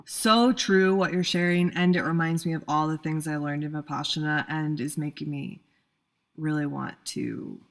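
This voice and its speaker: A woman's voice: low-pitched, fairly even intonation, moderate pace. A woman hosting a podcast, chatting casually and thanking her guest effusively. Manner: warm and effusive, thanks often. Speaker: podcast host. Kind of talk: casual interview chat.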